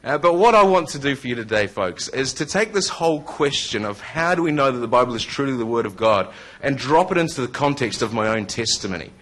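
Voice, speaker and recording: A Scottish-born man in his thirties with a New Zealand accent gives a conversational testimony talk to a live audience, dropping in jokey asides. His medium-pitched, fairly bright voice has lively intonation and a fairly quick pace with hardly any pauses.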